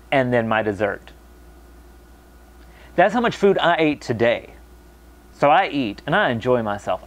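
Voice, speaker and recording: A young American man talking casually to camera, animated, mocking other people's voices when quoting them. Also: medium pitch. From United States. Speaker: vlogger.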